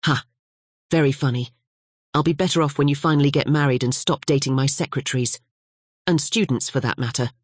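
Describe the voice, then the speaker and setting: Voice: mid-range voice, brisk, slightly rough, no echo, studio quality, lightly acted. A narrator voicing a teasing male history professor with a Swiss-Italian accent, in easygoing, jokey banter. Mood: joking.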